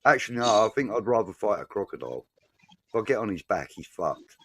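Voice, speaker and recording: A man's voice: lowish voice, very animated, fast, a bit bright, husky, no room sound. A man co-hosting a casual football fan chat, reading viewer comments aloud and bantering with a bit of swearing.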